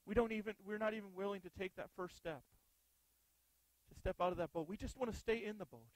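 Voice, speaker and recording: A man's voice: sits high, fast, no echo, poor audio. A male pastor preaching an earnest sermon, often putting rhetorical questions to the congregation.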